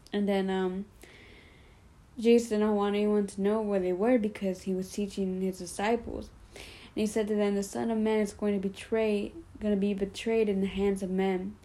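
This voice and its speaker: A woman with a mellow, warm voice at a middle pitch retells a Bible story in her own casual words. She talks loosely and chattily, sprinkling in "like" and "you know" as she goes. Now and then she stops to explain the meaning in plain terms. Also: poor audio. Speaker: Bible study leader.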